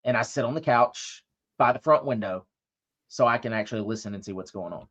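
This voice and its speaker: A podcast co-host with a medium-pitched, fairly bright voice tells a long story a little fast. In this casual storytelling chat, his anecdote rambles and turns profane, and he acts out what people said.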